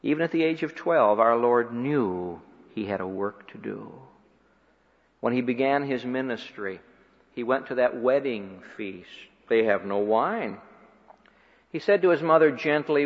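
A man preaching a sermon, rising to loud emphatic peaks and dropping to quiet, low phrases. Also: lively intonation, a little slow. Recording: dull lo-fi sound with long hall reverb.

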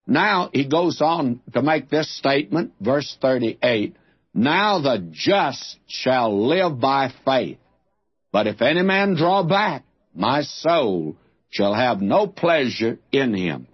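A man teaching a verse-by-verse Bible sermon, deliberate and emphatic, repeating his key phrases. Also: medium pitch, breathy edge, lo-fi sound.

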